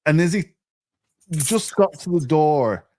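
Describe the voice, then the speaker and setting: A man, a podcast guest telling a story in a chatty, animated way, often repeating words as he restarts. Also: on the high side, takes it slowly.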